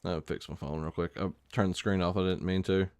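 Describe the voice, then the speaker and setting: A man's voice: low-pitched, steady tone, a little fast, a little mellow, clean tone, dry recording, clean studio sound. A man with an Alabama Southern accent, live streaming a survival game and chatting casually in a rambling, filler-heavy way. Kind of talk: casual chat while gaming.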